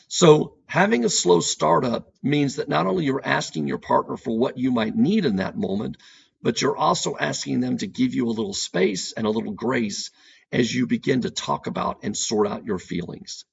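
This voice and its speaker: A man's voice: mid-range voice, normal speed, creaky, muffled recording. A man speaking as a couples therapist on an educational podcast, earnest and repeating key points for emphasis.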